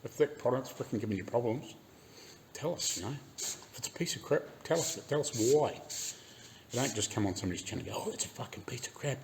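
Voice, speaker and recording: A man's voice: mid-range voice, expressive, brisk, gravelly, long pauses, darkish tone, a little hiss or hum. A man with a New Zealand accent ranting casually in his garage workshop, swearing freely and laughing often. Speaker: car restoration YouTuber. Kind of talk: casual rant while working in garage.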